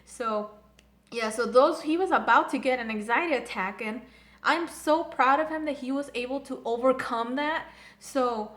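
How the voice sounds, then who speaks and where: A woman's voice: high voice, normal speed, a bit bright. Gushing young woman, echoey room. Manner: gushing, rambling fan enthusiasm. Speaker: anime reviewer. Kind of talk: casual episode recap and review.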